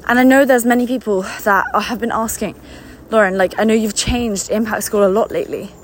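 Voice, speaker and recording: With a steady, mid-range voice and a brisk pace, a young woman business coach and company founder delivers an unscripted motivational talk over slight background noise. She is enthusiastic and slightly breathless, repeating words to drive her points home.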